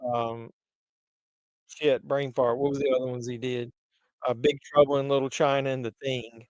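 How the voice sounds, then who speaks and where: A man's voice: mid-range voice, level tone, moderate pace, a little mellow, no room sound, rough recording. A man hosting a casual movie livestream, rambling and chatty with lots of fillers, a bit congested from pollen. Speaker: livestream host.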